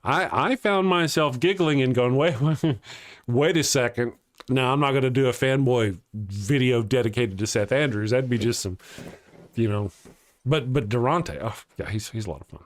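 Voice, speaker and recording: A man's voice: mid-range voice, moderate pace. A man hosting a casual livestream show, reading viewer comments aloud, joking and laughing often as he rambles and restarts his sentences. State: has a headache. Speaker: host of an atheist morning show.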